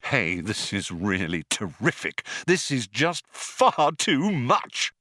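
A giddy, boyish space rogue voiced by a man reading an audiobook. He leaps high and swings wildly in pitch, bursting with childlike glee. The recording is close and dry. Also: normal speed, dry recording, heavily acted. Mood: thrilled. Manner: excited, childishly gleeful. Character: excitable two-headed male galactic adventurer.

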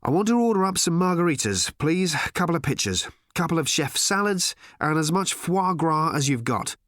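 A man reading an audiobook, voicing a brash, breezy male alien traveller who talks fast and bossily. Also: fairly high pitch, animated, a bit bright, dry recording, clean studio sound, voice pushed up. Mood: bossy. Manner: brash, bossy, fast-talking. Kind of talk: audiobook character voice.

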